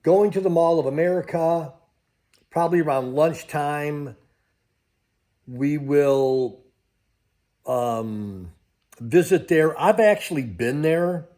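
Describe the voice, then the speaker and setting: A man's voice: a little high, slow, long pauses, mellow. Rambling older man vlogging casually. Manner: rambling, loses his train of thought. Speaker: crypto vlogger. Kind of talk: casual travel vlog.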